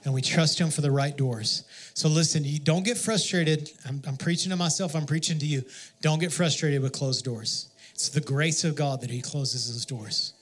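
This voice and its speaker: A man's voice: a little high, moderate pace. A man preaching a sermon in a conversational, self-deprecating storytelling manner, often restarting his sentences. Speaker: pastor.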